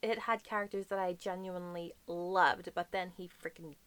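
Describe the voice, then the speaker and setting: A woman's voice: lowish voice, steady tone, normal speed, a bit bright, clear, resonant tone, dry recording. A woman reviewing the books she read this month in a casual, effusive chat, swearing now and then. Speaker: book reviewer. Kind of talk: casual monthly book wrap-up.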